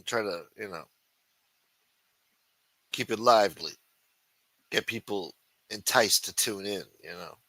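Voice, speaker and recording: Recorded dry, a man with a medium-pitched voice hosts a live chat stream. His profane rant is loud and taunting, packed with swearing, and he switches from shouting to muttering while he answers the chat.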